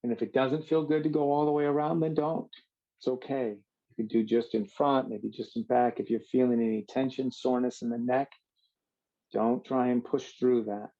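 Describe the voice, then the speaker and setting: Calm man guiding a yoga class. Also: mid-range voice, highs cut off. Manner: calm, slow, drawn-out cues. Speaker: yoga instructor. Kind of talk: guided yoga instruction.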